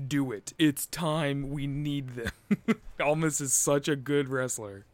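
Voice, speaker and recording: Excitable joking man, dry close sound. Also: mid-range voice, slow pace, no room sound. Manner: excitable, joking, laughs often, swears. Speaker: wrestling podcast co-host. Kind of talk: casual chat recapping a wrestling event.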